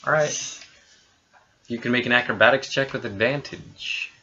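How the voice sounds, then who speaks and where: A man's voice: medium pitch, normal speed, sharp tone. A man narrating a tabletop game as game master, reading scene descriptions with hesitant restarts. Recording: dull lo-fi recording.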